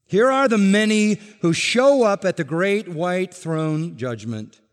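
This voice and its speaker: Emphatic preacher in a reverberant hall. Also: male voice, animated. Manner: emphatic, swings from loud declarations to low drawn-out endings. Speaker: pastor. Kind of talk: sermon.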